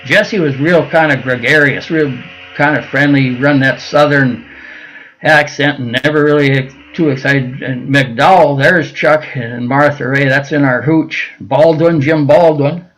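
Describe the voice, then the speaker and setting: A man's voice: medium pitch, fairly even intonation, unhurried, fairly bright tone, poor audio. An older man from Minnesota telling long stories as an interview guest, with lots of fillers and restarts. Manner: rambling with frequent fillers and restarts. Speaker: guest, veteran. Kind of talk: casual storytelling interview.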